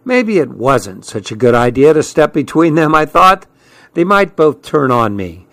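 A man reading a first-person story aloud in a measured, tense storytelling manner. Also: on the high side, big pitch swings, a bit bright, no room sound. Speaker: audiobook narrator. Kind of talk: scripted first-person narration.

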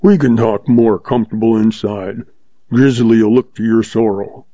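Man doing a cranky old one-legged ranch boss, gruff growl, low and dark, dry lo-fi audiobook. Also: a little slow, dry recording. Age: older. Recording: dull lo-fi dry recording.

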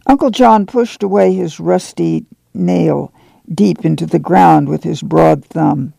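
Male audiobook reader, gravelly and mellow, steady plain delivery, bone-dry sound. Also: fairly high pitch, slow pace, no room sound. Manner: steady, plain storytelling with folksy dialogue. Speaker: volunteer reader. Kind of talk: reading a novel aloud on radio.

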